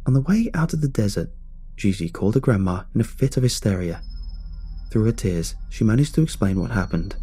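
A man narrating a scripted horror story in a measured, suspenseful way. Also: fairly low pitch, animated, dark tone, soft background music.

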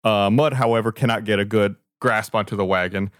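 A man narrating as game master in a casual tabletop game, relaxed and halting. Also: on the low side, no room sound, studio quality.

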